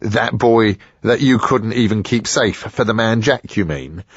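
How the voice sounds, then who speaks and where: A man's voice: lowish voice, a little slow, breathy edge, no echo, highs cut off. A man voicing a bulky, quarrelsome crook who blusters and accuses. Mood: accusing.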